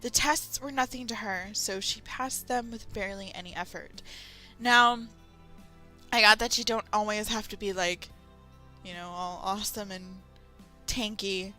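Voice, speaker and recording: A woman's voice: mid-range voice, sharp tone. A young woman hosting a fan fiction reading, mixing the story with laughing, swearing, sarcastic asides. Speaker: fan fiction reader and host. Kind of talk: dramatic reading with comic asides.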